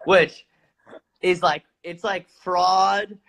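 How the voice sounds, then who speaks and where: A man casually telling a long, animated story, swearing freely and acting out the lines he quotes. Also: sits high, very slow, poor audio.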